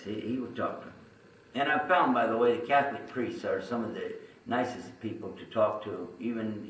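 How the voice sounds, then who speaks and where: A man's voice: fairly low pitch, fairly bright tone, a little hiss or hum. A man telling a personal story to an audience, chatty and full of asides. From Texas. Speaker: religious speaker telling his story. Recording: roomy sound from a distant mic.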